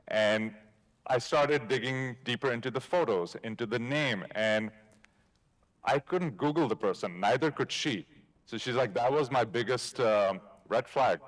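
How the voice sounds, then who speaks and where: A man giving a conference talk, telling a story in a casual way and acting out bits of dialogue. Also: mid-range voice. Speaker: conference speaker. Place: conference stage.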